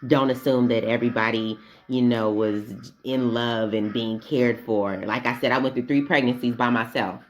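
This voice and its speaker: A woman's voice: very deep voice, steady tone, moderate pace, hardly any pauses. A woman vlogging in a blunt, profane, casual monologue that wanders off on tangents.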